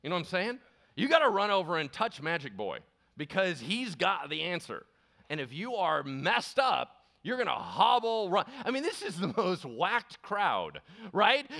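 A male pastor preaching a sermon, animated and joking as he acts out the people in the stories. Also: high voice, creaky. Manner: animated and joking, acting out characters. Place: church sanctuary.

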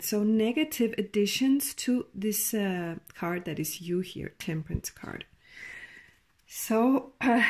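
A woman giving a tarot reading in a halting, emotional way, with sighs and soft laughs. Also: mid-range voice. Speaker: tarot reader.

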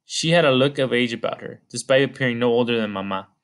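A man narrating an audiobook chapter in a measured storytelling manner. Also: medium pitch, smooth. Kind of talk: scripted narration.

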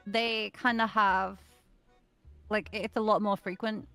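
A woman's voice: mid-range voice, little pitch movement, slow, a bit bright, faint music behind. Rambling woman with a mild Liverpool accent. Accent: mild Liverpool English. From Liverpool, England. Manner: rambling, many restarts, swears casually. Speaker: guest. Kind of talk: casual chat.

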